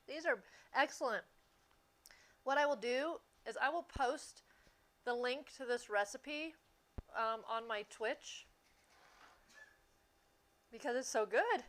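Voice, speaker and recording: Chatty woman streaming her baking, higher voice. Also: a bit bright. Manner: chatty, easygoing, quick to laugh. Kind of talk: casual chat while baking on a livestream.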